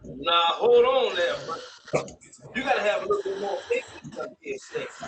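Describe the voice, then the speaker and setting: Blustering profane old dad. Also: male voice, high voice, wildly swooping pitch, moderate pace. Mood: mocking. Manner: shouting, blustery, swearing. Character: brash older father, loud and profane. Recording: film audio played from a TV, picked up from across a room with noise.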